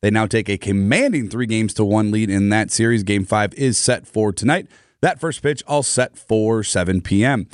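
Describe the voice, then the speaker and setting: Radio sports anchor, mid-pitched man, steady newsreading, dry close sound. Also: dry recording. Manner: brisk, steady newsreader delivery. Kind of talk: scripted sports news reading.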